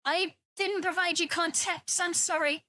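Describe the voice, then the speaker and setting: A woman's voice: very high-pitched, steady tone, measured pace, bright, forceful tone. A British woman streaming, chatting casually and rambling to her viewers, teasing them and swearing freely. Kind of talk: casual livestream chat with viewers.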